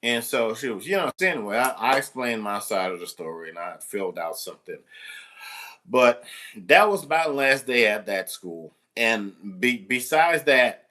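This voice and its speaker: A man's voice: medium pitch, expressive, normal speed, pushed and bright. A man who works as a substitute teacher, telling a rambling, exasperated and joking story with mild cursing. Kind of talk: casual storytelling to camera.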